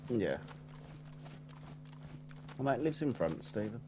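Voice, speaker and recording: A man's voice: mid-range voice, sing-song, slow pace, darkish tone, slight background noise. A man chatting over gameplay with a friend, blunt and dry in his banter. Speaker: gaming co-player. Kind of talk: casual chat over gameplay.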